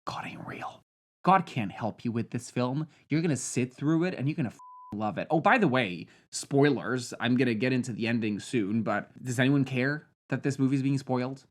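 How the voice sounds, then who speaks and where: Young man, film review vlog, sarcastic, deadpan mutters, sudden loud outbursts. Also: medium pitch, moderate pace. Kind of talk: sarcastic movie commentary.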